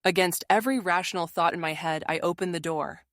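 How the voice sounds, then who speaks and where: Woman, lower voice, steady scripted story narration, dry close recording. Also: brisk, dry recording.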